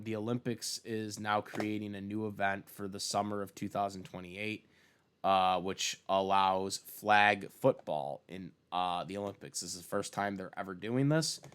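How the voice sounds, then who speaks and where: A man's voice: fairly low pitch, a bit bright, clean tone. A young man giving a casual, profane opinion rant about sports, with many fillers and restarts. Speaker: sports commentator vlogger.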